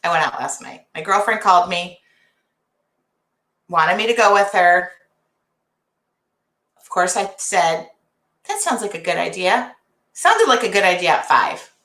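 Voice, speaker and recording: A woman hosting a casual livestream from her art studio, chatty and greeting viewers by name, her voice jumping high when excited. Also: a little slow, pauses often, reverberant. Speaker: host.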